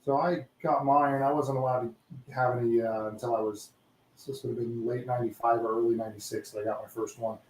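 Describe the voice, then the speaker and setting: A man's voice: medium pitch, fairly even intonation, quick pace, darkish tone, slight background noise. A man in casual podcast chat who asks questions and cracks jokes. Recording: echoey, a bit off-mic.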